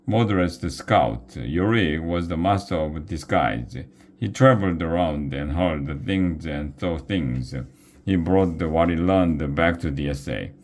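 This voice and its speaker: A man reading a children's novel aloud, slow and careful, with small restarts. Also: very deep voice, darkish tone. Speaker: reader.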